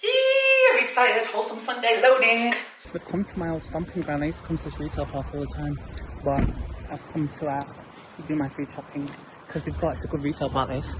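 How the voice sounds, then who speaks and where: A woman's voice: low voice, a little fast. A young British woman vlogging in a casual, bubbly way, talking straight to her viewers. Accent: British English. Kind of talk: casual vlog chat. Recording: echoey room with background noise.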